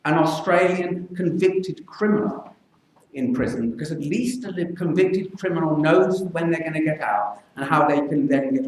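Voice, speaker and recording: An older man, a children's physician, speaking earnestly and with measured pauses to a public meeting. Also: high voice, a little mellow. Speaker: pediatric infectious disease physician. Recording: echoey hall, mic from far off.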